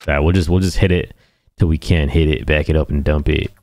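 A man's voice: very deep voice, steady tone, fairly quick, a little mellow. A man giving rambling, jokey commentary while playing a game, often slipping into random silly voices. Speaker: let's play gamer. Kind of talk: casual gameplay commentary.

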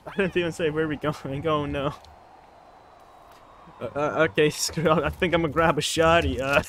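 A man's voice: a little high, a bit bright, slight background noise. A man streaming a video game with casual commentary, giggling often and poking fun at himself. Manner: giggly and self-mocking, laughs often.

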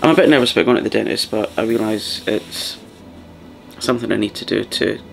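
A man with a deep, heavily gravelly voice chats in a soft ASMR style, drifting between quiet speech and whispers. He rambles easily from thought to thought, with a faint hum of noise behind him. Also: brisk. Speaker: ASMR channel host. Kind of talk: soft-spoken ASMR chat.

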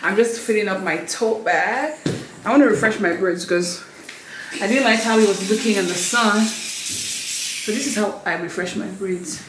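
A woman's voice: medium pitch, moderate pace, very noisy. A woman chatting casually to camera in a travel vlog, talking and laughing often. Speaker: travel vlogger.

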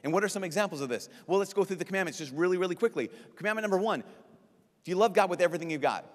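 A priest giving a lively, joking talk at a youth conference, acting out quick voices as he goes. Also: high-pitched. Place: large conference hall. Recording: long reverb of a large hall.

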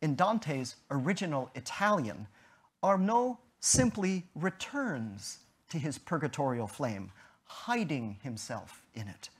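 A man giving an academic lecture, in a measured, deliberate way with emphatic stresses and a slightly husky voice. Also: on the high side, big pitch swings.

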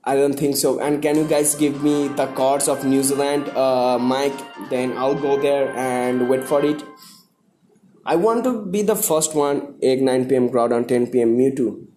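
A young man from India hosting a live stream, greeting viewers by name and repeating himself excitedly. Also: mid-range voice, moderate pace, hardly any pauses, soft background music.

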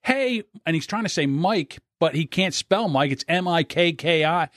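A man with a South Jersey accent hosting a podcast, telling a profane, animated story. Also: a little high, normal speed, no room sound, studio quality. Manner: animated, profane, acts out voices. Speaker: podcast host. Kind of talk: casual storytelling.

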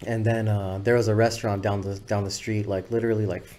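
This podcast guest, a videographer, has a lowish, darkish voice and talks fast in a level tone. He tells a long, rambling, profane story casually, interview-style, often slipping into other people's voices when quoting them.

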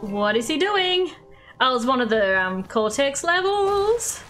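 High, lively Australian woman gamer. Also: unhurried, faint music behind. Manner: exclaiming, laughing, swearing at mistakes. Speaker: streamer. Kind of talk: live gameplay commentary.

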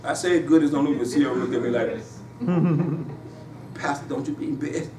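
A man preaching a sermon in a church, with emphatic call-and-response delivery that rises in pitch on his punchlines. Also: moderate pace, dark tone, recorded from a distance. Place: church sanctuary. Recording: echoey church room, voice from afar, faint hiss.

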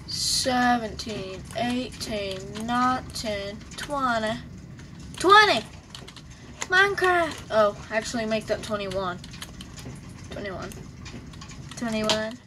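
A woman's voice: fairly high pitch, noisy background. A young woman giving casual, rambling gameplay commentary, joking and talking to herself while she plays. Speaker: gamer.

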